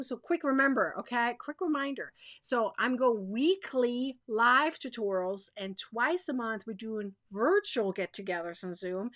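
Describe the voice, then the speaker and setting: A woman's voice: fairly high pitch, a bit bright, no echo. A woman hosting a live crochet stream, chatting straight to her viewers in a bubbly way, repeating herself and laughing often.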